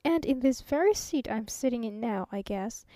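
Chatty, earnest middle-aged salesman, folksy, high and dry, read by a woman. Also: expressive, moderate pace, warm tone, no echo, close to an everyday voice.

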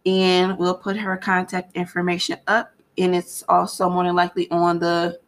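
A woman co-hosting a relaxed podcast, talking in a laid-back, chatty way with plenty of casual slang. Her voice sits a little low for a woman. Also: moderate pace. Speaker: podcast co-host. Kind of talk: casual chat.

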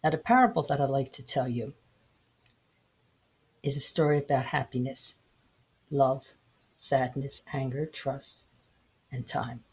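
A woman in her sixties hosting her own podcast, gently telling a parable in an unhurried, reflective way. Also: rumbling low, slightly rough. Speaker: podcast host. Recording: dull lo-fi home recording.

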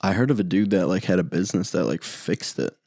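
A man's voice: sits low, lively intonation, brisk, warm tone, no echo, studio quality. A young man co-hosting a podcast in casual chat, laughing often and chiming in with short replies.

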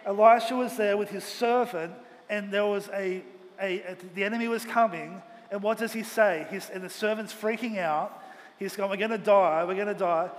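A pastor preaching a Sunday sermon with earnest, emphatic delivery, speaking in a church auditorium. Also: male voice, high-pitched, moderate pace. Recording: long hall reverb, faint ambient noise.

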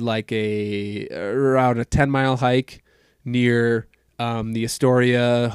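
A young man hosts a podcast in a relaxed, easygoing way, steering the chat and laughing along. His voice is smooth and clear, sitting mid-range, recorded dry and close. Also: medium pitch, dry recording. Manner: easygoing, laughs often, leads the talk. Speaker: podcast host. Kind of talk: casual chat.

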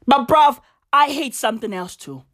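A woman's voice: high-pitched, lively intonation, moderate pace, fairly bright tone. A woman comedian delivering a profane, emphatic stand-up rant, hammering her points with repetition.

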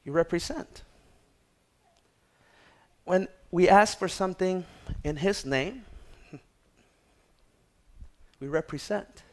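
A man preaching a sermon, moving from hushed prayerful tones to loud exhortation and calling out to his congregation. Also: high-pitched, slow, long pauses. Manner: calls out to the congregation for response. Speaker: pastor.

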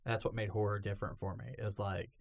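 Profane, animated male podcast host. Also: lowish voice, quick pace, creaky. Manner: animated storyteller, swears freely, acts out quotes. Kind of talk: casual chat.

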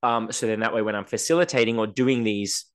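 A man's voice: lowish voice, steady tone, brisk, a bit bright, smooth. A man co-hosting a podcast in casual chat, telling stories and acting out the voices of the people he quotes. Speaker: podcast co-host.

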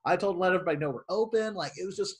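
A man's voice: high voice, racing. A man who works at a movie theater, telling stories in a casual chat and acting out the quotes. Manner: animated storyteller who acts out quotes.

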